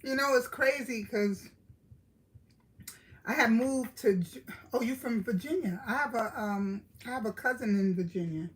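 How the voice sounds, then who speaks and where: A woman's voice: fairly high pitch, moderate pace, low-quality recording. A middle-aged woman from Brooklyn with a New York accent, chatting casually with live-stream viewers, greeting them by name and laughing often.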